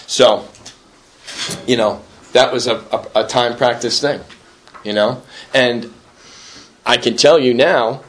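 A man's voice: mid-range voice, takes it slowly, pauses often, fairly bright tone, slight background noise. A man speaking at a recovery meeting, earnest and self-deprecating, repeating himself and often asking for agreement. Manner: repetitive, conversational, keeps asking "right?". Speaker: recovering alcoholic sharing at a meeting. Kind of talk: personal recovery talk.

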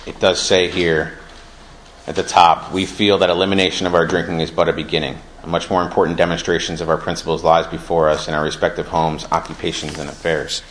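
A young man with a very deep voice gives an earnest, conversational share at a recovery meeting. His tone is bright and forceful, and he moves from reading passages aloud to reflecting on them. A faint hiss of noise sits under the recording. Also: level tone, fairly quick, rough recording.

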